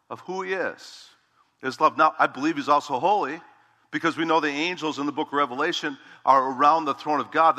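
A middle-aged man preaching a sermon as a pastor, emphatic, slowing down and stretching key words for weight. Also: on the high side, pushed and bright, in a large hall.

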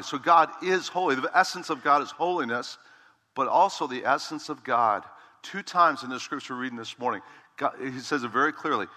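A middle-aged man preaching a sermon as a pastor, emphatic, slowing down and stretching key words for weight. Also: medium pitch, bright, forceful tone, in a large hall.

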